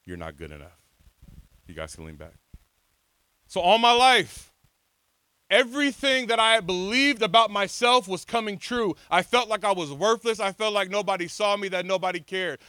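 A man in his thirties preaching an energetic sermon, telling his own story, calling on the crowd and swinging from soft to shouted lines. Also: sits high, no room sound. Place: church hall before a congregation.

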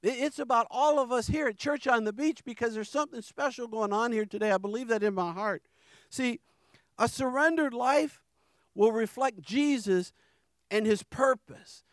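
A middle-aged man from New York shares his testimony in church. His voice sits high and comes across smooth and clear. He speaks earnestly, stumbling and repeating words, and the recording is close and dry. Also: normal speed, no echo. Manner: earnest, repeats words and restarts, emotional emphasis. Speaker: ministry founder giving testimony.

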